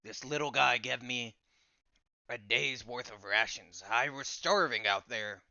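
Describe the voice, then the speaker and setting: A man voicing a big male dinosaur creature who speaks slowly and plainly. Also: mid-range voice, gravelly, bright, forceful tone, no echo, muffled recording, full character voice. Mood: friendly.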